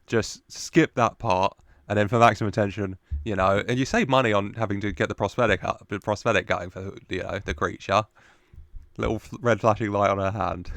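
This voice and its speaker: A young man chats his way through a TV episode, playful and quick to laugh. His voice sits low. The recording is dry and close. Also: gravelly, fairly bright tone, no room sound. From United Kingdom. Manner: chatty, laughs often, playful asides. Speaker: reaction video host. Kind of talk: casual commentary on a TV episode.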